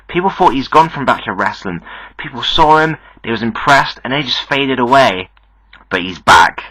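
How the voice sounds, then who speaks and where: A man's voice: lowish voice, sharp tone, no room sound, rough recording. A young man hosting a podcast, delivering a hyped wrestling promo straight to the fans. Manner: hyped, salesy, addresses fans directly. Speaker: podcast host and backyard wrestler.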